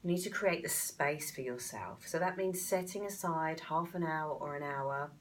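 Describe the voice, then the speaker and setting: Low-voiced woman coaching from a distance. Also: normal speed. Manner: calm, encouraging, repeats phrases for emphasis. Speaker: mindset coach. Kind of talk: instructional talk demonstrating a technique.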